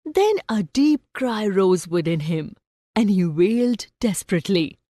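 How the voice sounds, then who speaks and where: Slow, expressive woman teacher narrating a story. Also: mid-range voice, no room sound, clean studio sound.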